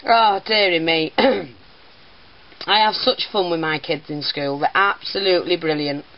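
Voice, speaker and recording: A woman's voice: fairly low pitch, a little slow, highs cut off. An older woman, chatting through a craft unboxing video as she tells a school story and keeps breaking into giggles. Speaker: teacher and crafter. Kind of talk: casual craft unboxing vlog.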